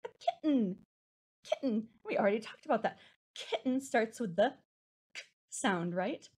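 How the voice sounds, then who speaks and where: A young woman leading a preschool storytime, with a sing-song, encouraging, slow and exaggerated delivery for small children. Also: a little high, expressive, darkish tone, slightly rough. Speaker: children's librarian.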